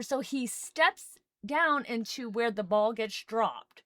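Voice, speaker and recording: Animated young woman telling a story. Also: on the high side, slow pace, few pauses, no room sound. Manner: animated, laughs often, acts out quoted voices. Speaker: podcast co-host. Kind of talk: casual storytelling chat.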